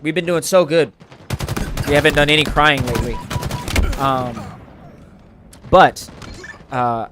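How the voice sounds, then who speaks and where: A man's voice: a little high, slow pace, pauses often, background noise. A man streaming a game, chatting earnestly and emotionally to his viewers, rambling with many fillers and restarts. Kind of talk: casual chat to live chat while gaming.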